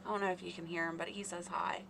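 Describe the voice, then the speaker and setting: Bright-voiced woman chatting on a live stream. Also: on the low side, flat delivery, quick pace, creaky, slight background noise. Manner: chatty, rambling, talks to chat readers by name. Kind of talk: casual live-stream chat.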